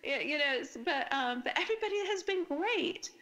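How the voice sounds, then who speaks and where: A woman's voice: sits high, expressive, brisk, bright, forceful tone, low-quality recording. A woman author, a guest on a podcast interview, chatting casually and enthusiastically, with lots of fillers and restarts. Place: podcast recording.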